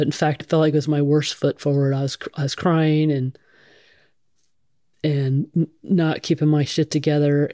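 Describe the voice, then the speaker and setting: In a dry, studio-quality recording, a middle-aged female firefighter candidly recounts her experiences, cursing openly and using plenty of filler words. Her voice is low-pitched with a darkish tone.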